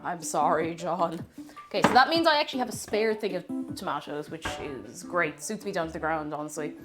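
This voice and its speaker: A woman's voice: on the low side, fairly quick, loud music behind the voice. Chatty woman streaming cooking. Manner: chatty, reads chat aloud and greets viewers excitedly. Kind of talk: casual chat while cooking. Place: home kitchen. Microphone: moves away from mic while cooking.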